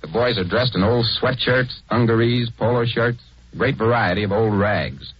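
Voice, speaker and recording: A man narrating a scripted 1940s radio program in a brisk, wry manner, on a dull lo-fi recording. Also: lowish voice, slightly rough.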